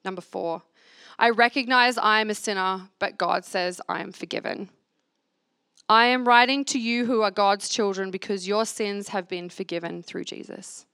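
A woman's voice: medium pitch, sharp tone, no echo, clean studio sound. A woman leading a church reflection, reading scripture aloud and asking the listeners to repeat affirmations after her. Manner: earnest, asks the room to repeat lines. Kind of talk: sermon with call-and-response scripture reading. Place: church gathering.

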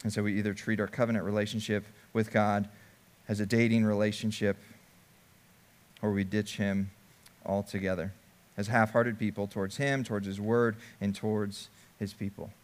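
A man's voice: fairly low pitch, little pitch movement, moderate pace. A man preaching a sermon, first reading scripture aloud and then explaining it in a conversational way. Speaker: pastor.

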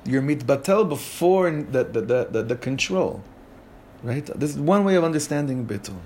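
A man teaching a Torah class conversationally, an animated manner and lots of questions put to the group. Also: medium pitch, normal speed, slight background noise. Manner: animated, asks the group questions, many restarts.

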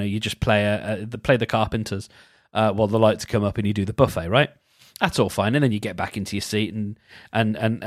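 A British man talking on his own in a casual, rambling way, restarting sentences often and getting animated as he goes. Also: lowish voice, dry recording, studio quality. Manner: rambling, animated, self-interrupting. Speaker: podcast host. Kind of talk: casual solo chat.

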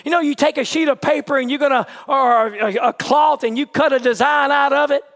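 A man preaches with a very high voice, dropping to near whispers and then climbing to shouted peaks. His phrasing is folksy and emphatic. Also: fairly quick. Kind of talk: sermon.

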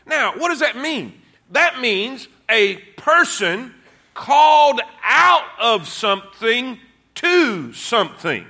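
A man's voice: extremely high pitch, very animated, slow pace, bright, forceful tone. A man preaching a sermon, praying and then teaching with fervent call-and-response. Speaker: pastor.

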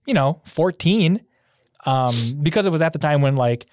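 A young man co-hosts a casual podcast chat, talking hesitantly with many fillers. His voice is a little high and darkish in tone, expressive at normal speed, with clean, echo-free studio sound.

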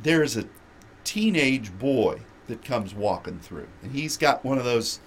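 A man hosting a radio show, telling a lively travel anecdote with laughter. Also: medium pitch, measured pace, slight background noise. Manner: animated anecdote with frequent laughter. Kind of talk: storytelling chat.

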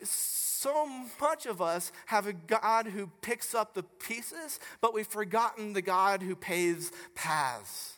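Preacher giving a sermon, bright sharp voice, gets loud and animated telling stories, big echoey hall. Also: mid-range voice, slow, hardly any pauses. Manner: animated storyteller, grows loud and emphatic as the story builds. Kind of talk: sermon with personal storytelling.

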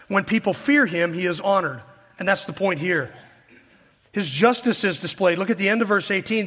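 A man's voice: high-pitched, sharp tone, long reverb tail. A man preaching an expository sermon, reading scripture aloud and pressing his points with earnest rhetorical questions. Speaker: pastor.

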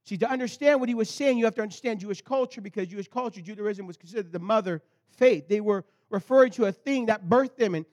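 A pastor races through his sermon fast, with hardly any pauses, his high tenor sounding bright. He tells the story in animated swings, from loud outbursts down to low, intense passages.

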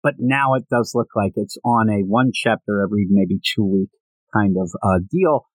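A man's voice: fairly low pitch, moderate pace, no room sound, rough recording. A man hosting a casual podcast, rambling and joking with frequent restarts. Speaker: podcast host.

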